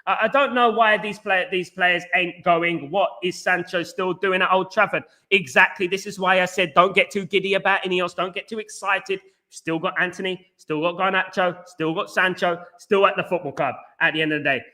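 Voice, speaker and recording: Fast-talking bright-voiced male football host. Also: high voice. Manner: rapid, animated, reads out chat messages with banter. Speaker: fan channel host reading live chat. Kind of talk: fast casual live-stream chat.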